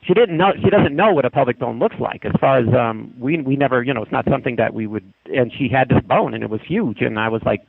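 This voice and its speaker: A man's voice: medium pitch, quick pace, gravelly, few pauses, slightly rough, no room sound. A man telling a long haunting story on a podcast in a rambling, casual way, often restarting his sentences. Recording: phone-line call-in.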